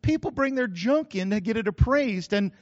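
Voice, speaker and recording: A man's voice: sits high, lively intonation, normal speed, long reverb tail, muffled recording. An older man, preaching a sermon as pastor in an emphatic, repetitive, folksy way. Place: church.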